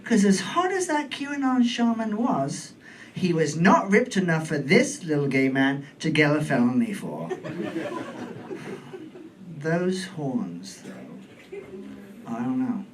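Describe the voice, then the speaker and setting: A British man in his forties performing a stand-up comedy set on a club stage, camp and playful with deadpan asides. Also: fairly high pitch, slow pace. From United Kingdom. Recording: distant mic in comedy club, faint room noise.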